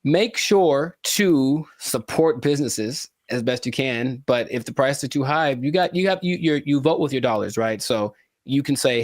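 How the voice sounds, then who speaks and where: A man's voice: mid-range voice, normal speed, few pauses, no room sound. Joking male podcast host, dry sound. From California. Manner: joking, rambling, animated asides. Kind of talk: casual podcast chat.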